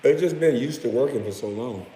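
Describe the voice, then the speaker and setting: A man in his late thirties rants hotly and profanely, mocking his critics with scornful jabs. His mid-pitched voice rings through a reverberant room with a long tail, over a faint background hiss. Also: lively intonation, brisk, mellow. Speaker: former pro basketball player. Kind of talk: profane rant.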